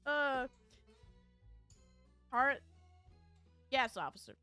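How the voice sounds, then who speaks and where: High, bright-voiced chatty woman streamer. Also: moderate pace, no room sound, faint music behind. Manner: chatty, laughs often, rambling with fillers. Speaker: VTuber streamer. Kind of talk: casual chat with viewers, storytelling.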